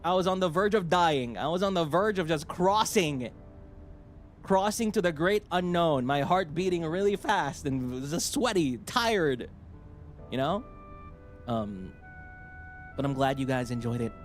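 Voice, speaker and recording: A male VTuber chatting on stream in a voice a touch higher than most men's. He tells stories in an animated, rambling way, laughing and restarting sentences as he goes. Soft music plays faintly underneath. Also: measured pace, long pauses. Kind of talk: casual stream chat.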